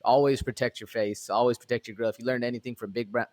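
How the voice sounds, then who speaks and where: A young adult man co-hosting a podcast, breaking down fights in relaxed, rambling chat full of fillers. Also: mid-range voice, fast talker. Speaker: podcast co-host. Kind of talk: casual fight recap chat.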